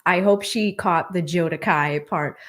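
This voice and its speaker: A woman's voice: fairly low pitch, a little slow, a bit bright, slight background noise. A woman hosting a casual livestream, laughing often and reading viewer comments aloud. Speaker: livestream host. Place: Atlanta.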